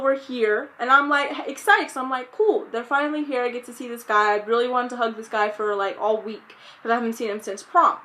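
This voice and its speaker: A young woman tells a storytime vlog in a bright, high voice. She retells the events with animated exasperation and keeps quoting her own reactions. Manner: animated, exasperated retelling with quoted self-talk. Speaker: vlogger.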